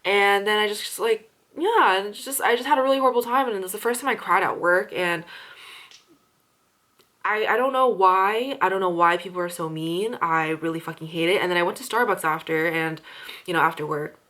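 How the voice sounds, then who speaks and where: A woman's voice: medium pitch, fairly quick, sharp tone. A young woman who works as a restaurant server, ranting casually with lots of swearing and fillers. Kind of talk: casual chat.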